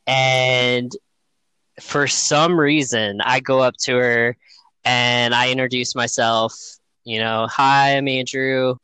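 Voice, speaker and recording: Bright, clear-voiced man telling a story. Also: mid-range voice, slow pace, no echo, low-quality recording. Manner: laughs often, animated retelling with quoted voices. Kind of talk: casual storytelling chat.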